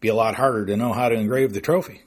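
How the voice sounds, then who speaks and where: A man's voice: fairly low pitch, fairly even intonation, racing, natural voice. A man voicing a blunt, joking middle-aged father at the dinner table. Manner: jokey, blunt. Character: beer-drinking middle-aged dad, joking.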